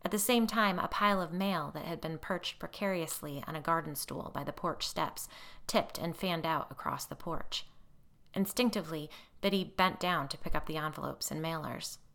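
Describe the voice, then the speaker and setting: An audiobook narrator reads a ghost story aloud at a moderate pace, her voice creaky and a bit bright. She raises her pitch for the characters' lines and lowers it for the narration tags.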